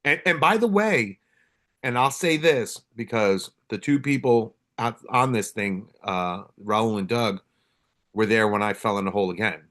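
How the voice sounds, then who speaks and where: Low-voiced man, candid storytelling host. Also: measured pace, a bit bright. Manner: candid, storytelling, with casual swearing. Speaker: podcast host, police officer. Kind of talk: casual conversation.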